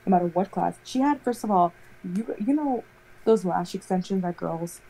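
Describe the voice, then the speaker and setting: A young woman in casual chat, telling a rambling, animated story full of "like". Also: on the low side, normal speed, creaky, rough recording.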